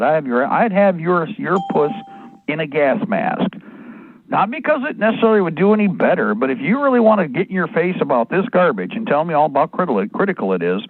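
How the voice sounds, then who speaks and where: A man's voice: a little high, no echo. Angry ranting man, tinny phone-like sound. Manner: angry, rambling, profane ranting. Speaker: radio talk host. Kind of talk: live radio rant.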